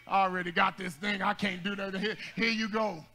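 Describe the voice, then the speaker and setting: High, bright-voiced preacher man. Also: fairly even intonation, a little fast, gravelly, soft background music. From United States. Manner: call-and-response preaching, rising to shouts, joking with the congregation. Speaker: pastor. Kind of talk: energetic Black church sermon. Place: church sanctuary with congregation.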